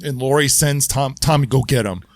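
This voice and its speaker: A man co-hosting a casual podcast, talking in a relaxed, agreeable way. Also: mid-range voice, fairly quick, no echo, studio quality. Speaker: podcast co-host.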